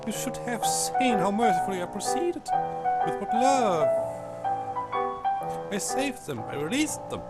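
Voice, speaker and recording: Game madman, male, frantic and shrill. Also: big pitch swings, unhurried, long pauses, over loud music, rough recording. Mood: manic. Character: raving male murderer defending himself.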